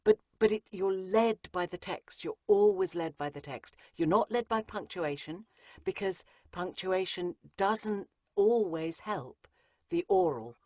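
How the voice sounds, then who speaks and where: Low-voiced woman, emphatic coach. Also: measured pace, mellow, no echo, clean studio sound. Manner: emphatic, repeats phrases for effect. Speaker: audiobook narrator and coach, guest. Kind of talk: interview conversation.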